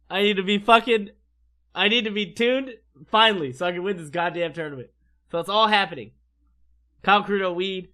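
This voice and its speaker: Bright, animated, foul-mouthed male streamer. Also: high-pitched, a little fast. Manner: animated, profane, rambling. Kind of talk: casual storytelling.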